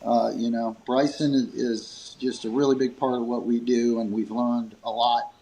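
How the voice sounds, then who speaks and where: At a normal speed, over a little hiss or hum in low-quality audio, a man who runs a grip company relates a long story in an interview. He chuckles between fillers and animatedly voices quoted dialogue, his pitch jumping.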